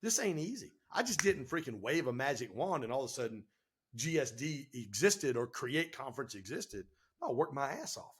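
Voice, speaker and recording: A man telling stories on a podcast as the guest, animated and emphatic, with casual slang. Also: mid-range voice, normal speed, husky. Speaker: guest entrepreneur and speaker. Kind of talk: energetic podcast storytelling.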